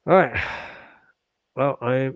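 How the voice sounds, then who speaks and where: This UK streamer speaks slowly in a mid-range voice, the sound phone-like with no room sound. After stretching, he politely and earnestly answers his viewers, often thanking them as he continues to stretch and work out.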